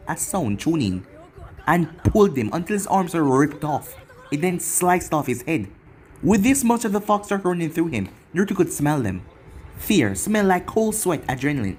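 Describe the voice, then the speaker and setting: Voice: mid-range voice, very animated, moderate pace, darkish tone, soft background music. A narrator reading an action fan fiction story in long run-on sentences. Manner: run-on storytelling with a casual aside to viewers.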